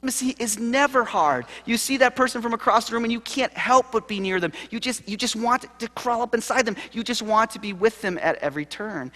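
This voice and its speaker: A man speaks from a lecture hall stage, his voice sitting a little high and ringing with long reverb. He tells stories in a lively, conversational way and acts out the quoted people. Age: late 30s. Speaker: keynote speaker, seminary professor. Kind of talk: conference keynote talk. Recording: live hall recording with reverb.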